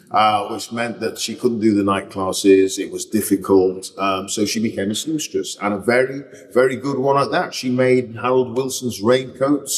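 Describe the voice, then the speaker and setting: A man's voice: mid-range voice, long reverb tail, far from the mic. A man with a northern English Lancashire accent, chatting as an interview guest, talking freely and often restarting his sentences. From Bolton, England. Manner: chatty, many restarts and self-corrections. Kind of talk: relaxed reflective conversation.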